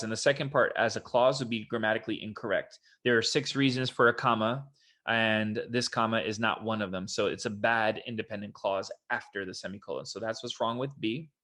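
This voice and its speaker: A man with a mid-range, fairly bright voice tutors for the SAT, casually walking through answer explanations in an online test prep lesson. He explains things in a relaxed way and quotes examples in a put-on voice.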